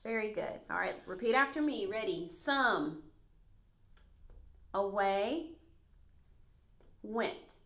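A first grade teacher records a video reading lesson for young children. She talks at a medium pitch in a bright, encouraging voice and praises the kids often. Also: moderate pace, few pauses.

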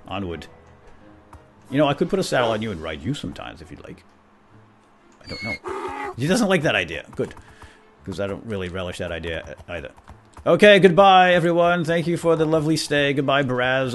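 Guy doing a goofy flustered knight bossing his pets around, low-ish voice, bouncy pitch. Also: a bit bright. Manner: playful, bumbling knight persona talking to his animals. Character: bumbling self-important male knight, fussy and flustered. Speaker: role-play gamer narrating in character. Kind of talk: comedic in-character role-play. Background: faint background music.

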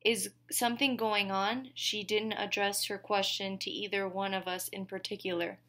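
A woman's voice: medium pitch, steady tone, normal speed, fairly bright tone. A woman reading a novel aloud in first person, marking the characters' lines with small shifts rather than full voices. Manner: reads dialogue with small shifts for each character, no big voices. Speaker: audiobook reader. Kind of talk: scripted first-person narration.

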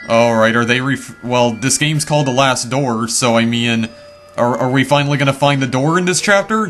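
A man's voice: medium pitch, normal speed, fairly bright tone, faint music behind. A man commenting on a video game as he plays it, often repeating his words when he is unsure. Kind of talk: let's-play commentary.

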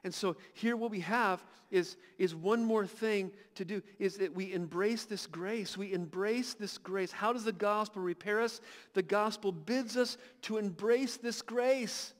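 High-voiced male pastor in a reverberant church. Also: a little slow, few pauses. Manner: dramatic retelling with soft, hushed asides. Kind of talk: sermon. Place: church sanctuary. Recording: long hall reverb.

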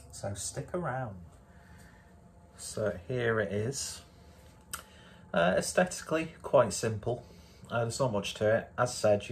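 Low-voiced man, dry and relaxed. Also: noisy background. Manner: relaxed, dry and self-mocking. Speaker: food vlogger. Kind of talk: casual food review to camera.

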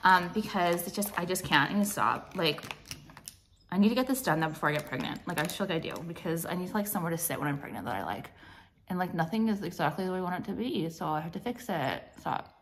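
A woman's voice: lowish voice, animated, quick pace, fairly bright tone, a little hiss or hum. Young female vlogger, chatty and profane, meandering delivery with lots of fillers. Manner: blunt, profane, rambling with many fillers. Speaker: vlogger and jewelry brand owner. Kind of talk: casual chatty vlog.

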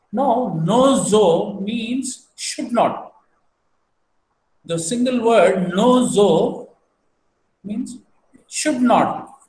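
A man giving a language lesson, patiently repeating each word and spelling it out. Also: high voice. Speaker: language teacher. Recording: roomy echo, faint background hum.

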